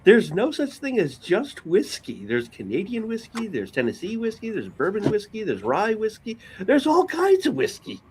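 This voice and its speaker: A man on a podcast panel, animated and wry, joking at his own expense. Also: sits high, normal speed, few pauses. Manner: animated, wry, self-deprecating. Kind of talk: casual group chat. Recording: faint ambient noise.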